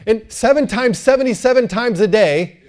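Lively male pastor, higher voice, joking preaching style. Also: normal speed. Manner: animated, joking, calls for amens. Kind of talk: sermon.

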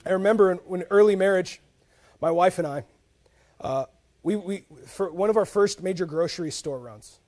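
A pastor, a man with a strikingly high voice, preaches a sermon in a loose, conversational way. He tells stories with humor and keeps restarting his thoughts. His volume swings from quiet asides to emphatic bursts. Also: moderate pace. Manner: animated, swings between soft asides and loud emphatic bursts; conversational, with frequent "like" and repeated starts.

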